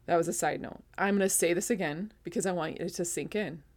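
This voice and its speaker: A woman's voice: lowish voice, fast talker, darkish tone. A woman hosting a podcast, earnestly sharing a faith testimony, teary-eyed and laughing at herself at times. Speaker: podcast host.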